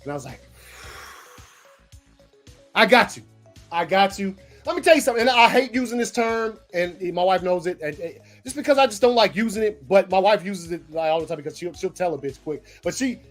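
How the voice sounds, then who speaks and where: A man telling a story casually, animated and profane, acting out what people said. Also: high-pitched, fast talker, few pauses, soft background music. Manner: animated, profane, acts out quotes. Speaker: podcast host.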